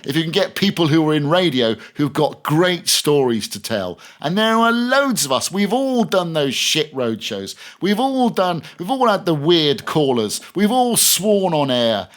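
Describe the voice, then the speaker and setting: Rambling storyteller man, slightly high voice. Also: big pitch swings, measured pace, hardly any pauses. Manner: rambling storyteller, many restarts. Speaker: podcast guest, radio presenter. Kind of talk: casual interview chat.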